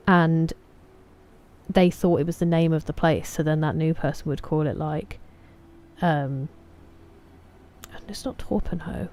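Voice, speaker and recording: A young woman from England, speaking with an English accent, streams a game while chatting casually with viewers and welcoming them by name as she reads them out. Her voice sits low and sounds mellow, with a little hiss or hum.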